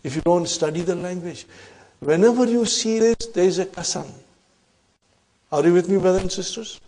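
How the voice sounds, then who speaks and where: A man teaching Arabic grammar in a classroom lecture, emphatic, often checking in with the class and reciting verses quickly. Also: high-pitched, mellow. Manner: emphatic, keeps asking "huh?" to check the class.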